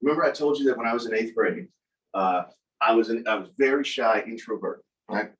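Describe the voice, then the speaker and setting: A man's voice: mid-range voice, brisk. A man tells a personal story in a loose, casual way. He livens it up by acting out what other people said. His voice sits in an ordinary middle range and sounds a bit distant from the microphone. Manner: animated, acts out quoted voices. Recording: voice from a distance from the mic.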